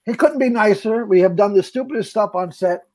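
A man, an actor and comedian, telling set stories in casual chat, animated and full of stammered restarts. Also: sits high, fairly quick. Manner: animated, acts out quoted voices, stammering restarts.

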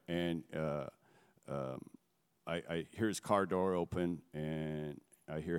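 A middle-aged man giving an earnest, halting personal testimony from a stage before a gathering. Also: sits low, clean tone. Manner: earnest, halting, emotional storytelling. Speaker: guest speaker. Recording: long echo of a large hall.

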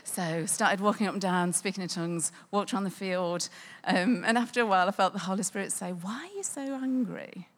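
A woman's voice: on the low side, steady tone, a little fast. A woman tells a personal faith testimony, chatty and full of ums. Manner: conversational with frequent ums and laughter. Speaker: speaker sharing a testimony.

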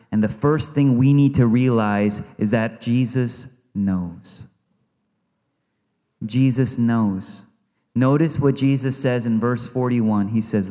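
A man in a middle register preaches from the pulpit, earnest and steady, leaning on repetition to drive each point home. His voice rolls out with a long reverb through the church hall. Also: medium pitch. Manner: earnest, repeats phrases for emphasis, drops softly for quoted words. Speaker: pastor. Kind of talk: sermon. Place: church sanctuary.

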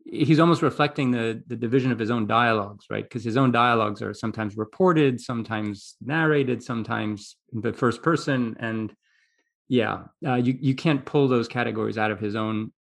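Male interviewer, gravelly, rambles through long framing questions. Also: mid-range voice, fairly quick. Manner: thinking aloud, rambling.

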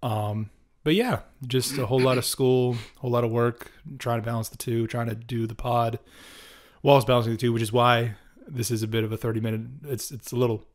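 A man's voice: medium pitch, fairly quick. Young man telling a story on a podcast. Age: young adult. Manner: animated storyteller, acts out quotes, frequent ums and throat clearing. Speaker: podcast co-host. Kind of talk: casual podcast chat, storytelling.

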